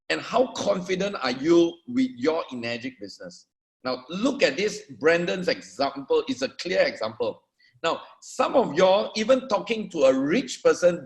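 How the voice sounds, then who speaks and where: A man with a somewhat high voice leads a motivational training. He is emphatic and talks straight to his listeners, repeating words as he drives each point home. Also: creaky. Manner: emphatic, addresses the audience directly with repetitions. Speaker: network marketing trainer.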